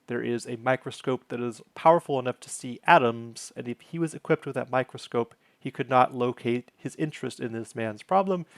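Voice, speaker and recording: A man's voice: medium pitch, dry recording. A man hosting his own channel, casually recapping a sitcom episode, wandering off on tangents and correcting himself as he goes.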